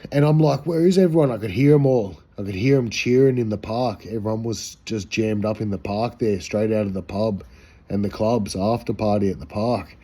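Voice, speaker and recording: Australian bloke, husky and dark-toned, casual rambling storyteller, swears freely. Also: male voice, fairly low pitch, fairly even intonation, normal speed. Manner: rambling, profane, slangy. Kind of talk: casual anecdote.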